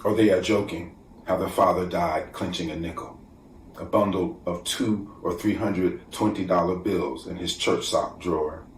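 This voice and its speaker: Deep-voiced man reading poetry from afar. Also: steady tone. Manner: measured, deliberate reading, dropping to a near whisper at times. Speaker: poet. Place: room at home, virtual festival. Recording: echoey room, distant from mic, faint background noise.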